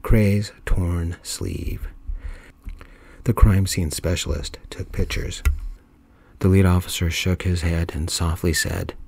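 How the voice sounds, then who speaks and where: A man narrating a story in a calm, soft-spoken ASMR style. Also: low-pitched, takes it slowly, husky, dry recording.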